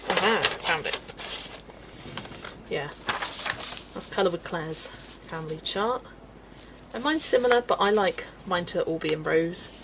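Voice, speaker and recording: A woman's voice: fairly low pitch, a little slow, pauses often, background noise. A woman from England's West Country, chatting casually and laughing often as she reads out viewer comments while colouring on a livestream. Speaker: livestream host.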